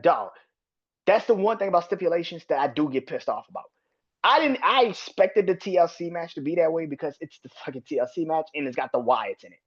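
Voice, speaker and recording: A man with a slightly high voice rants through a solo podcast review, swearing constantly and restarting his sentences. His voice comes through a dull, muffled, lo-fi microphone. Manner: profane, ranting, repetitive restarts. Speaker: podcast host.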